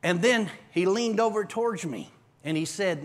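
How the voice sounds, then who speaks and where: A man preaching a testimony to a church congregation, telling his story in an animated way with bursts of shouting and laughter. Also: high-pitched, moderate pace. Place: church service.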